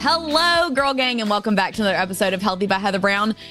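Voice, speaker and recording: A woman's voice: mid-range voice, fast, music in the background. A woman hosting a podcast in a bubbly, folksy way. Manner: bubbly, folksy, uses "y'all". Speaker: podcast host.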